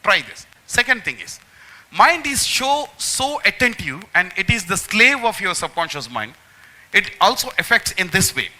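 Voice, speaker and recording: Bright-voiced man lecturing students. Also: high-pitched, big pitch swings, normal speed, low-quality recording. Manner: emphatic, repeats phrases, addresses the audience directly. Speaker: magician giving a memory talk to students.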